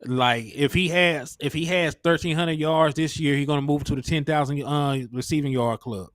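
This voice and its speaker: A man's voice: on the high side, steady tone, normal speed, fairly bright tone, dry recording, studio quality. A man co-hosting a casual sports talk stream, explaining stats in an easygoing way and thanking viewers for donations. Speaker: sports talk show co-host.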